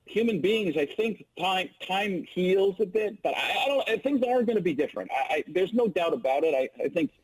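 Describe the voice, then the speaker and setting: A man's voice: high voice, normal speed, few pauses, slightly rough, poor audio. A man, a comedian, chatting as a guest in an interview and telling stories with lots of stammered restarts. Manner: stammering restarts, animated storytelling. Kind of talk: casual interview chat.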